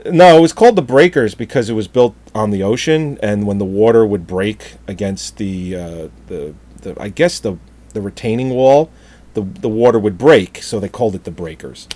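A man's voice: on the low side, normal speed. A middle-aged man telling an exasperated, profane story in casual chat, laughing at himself. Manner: animated, exasperated, swears often, laughs at own story.

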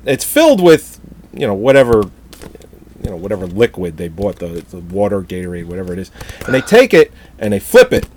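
A man's voice: fairly low pitch, fairly quick. A middle-aged man telling an exasperated, profane story in casual chat, laughing at himself. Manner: animated, exasperated, swears often, laughs at own story.

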